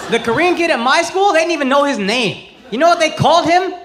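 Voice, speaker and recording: A man in his thirties doing stand-up comedy, loud, brash and profane, shouting his punchlines. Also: very high-pitched, lively intonation, fast talker, few pauses, noisy background. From United States. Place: large theater on stage. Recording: live stage recording with loud crowd laughter. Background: loud audience laughter.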